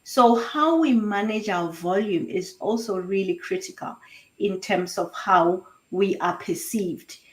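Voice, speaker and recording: A woman whose first language is Sepedi talks as a guest voice coach in an online interview. She explains at length, restarting phrases now and then, in a voice of ordinary pitch. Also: measured pace, rough recording.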